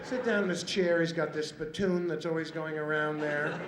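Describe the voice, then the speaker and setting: A man's voice: fairly high pitch, fairly even intonation, normal speed. A man in his thirties doing an observational stand-up routine, wry, building bits out of mimicked sounds and voices. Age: 30s. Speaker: stand-up comedian. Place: comedy stage before a live audience. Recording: roomy hall with loud crowd and noise.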